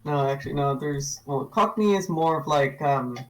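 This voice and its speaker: A man's voice: a little high, low-quality recording. Hesitant man chatting as stream guest. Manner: hesitant, halting, many fillers. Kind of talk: casual chat.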